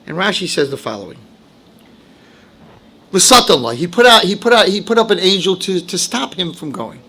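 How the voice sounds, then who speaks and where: Animated high-voiced preaching man. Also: moderate pace, long pauses, husky. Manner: animated, swings from low asides to shouted high-pitched outbursts, acts out quotes. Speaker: rabbi giving a Torah lecture. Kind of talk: sermon.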